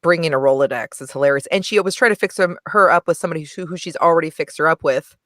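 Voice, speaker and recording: A woman's voice: sits low, quick pace, fairly bright tone, dry recording, clean studio sound. A woman guest on a podcast, chatting frankly and animatedly about a movie and laughing often. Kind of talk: casual movie review chat.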